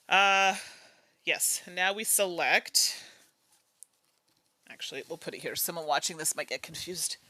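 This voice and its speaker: A woman's voice: on the low side, sharp tone, no room sound. A woman hosting a solo board game playthrough. She talks through each move in a chatty, musing way, humming and laughing between moves. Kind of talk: casual think-aloud playthrough.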